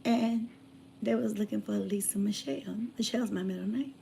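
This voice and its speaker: A woman telling a personal story in casual chat, drifting from hushed asides to loud emphatic bursts. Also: mid-range voice, fairly even intonation, brisk, creaky, slight background noise. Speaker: channel host.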